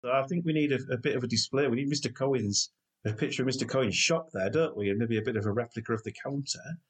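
A man's voice: medium pitch, fast, breathy edge. A man, telling family stories in a chatty way as a co-host. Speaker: podcast co-host. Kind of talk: casual chat.

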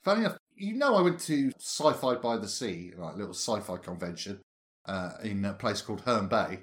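A man's voice: on the low side, animated, a little fast, fairly bright tone. A man, co-hosting a podcast in casual chat and telling anecdotes with frequent laughter. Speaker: podcast co-host.

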